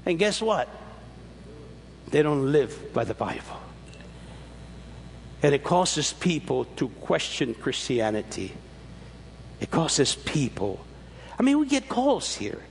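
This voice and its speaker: A man's voice: in a large hall, a little hiss or hum. A man preaching a sermon as pastor, swinging his voice up and down as he explains scripture. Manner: preaching with sweeping rises and drops in pitch.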